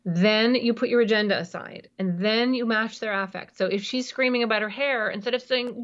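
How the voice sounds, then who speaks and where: A woman's voice: a little high, normal speed, hardly any pauses, fairly bright tone, dull audio. A woman being interviewed as a parenting expert on a podcast, explaining emphatically and acting out examples.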